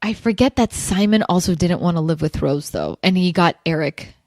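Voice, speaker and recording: A woman's voice: fairly low pitch, moderate pace, a little mellow, no room sound, studio quality. A woman co-hosting a podcast, agreeing often in casual chat. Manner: agreeable, backchanneling. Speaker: podcast co-host.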